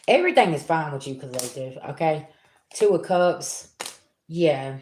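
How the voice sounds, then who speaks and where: A woman's voice: low-pitched, measured pace, reverberant, slight background noise. Chatty woman giving a tarot reading. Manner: colloquial, talks straight at the audience; acts out quoted people in lively voices. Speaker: tarot reader. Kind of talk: casual tarot reading to viewers.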